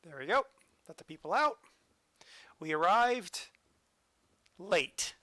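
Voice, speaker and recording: Male streamer, bright and slightly high voice, dry close sound, playful running commentary. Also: expressive, slow pace, no room sound. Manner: joking, talks to the train. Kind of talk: live-stream gameplay commentary.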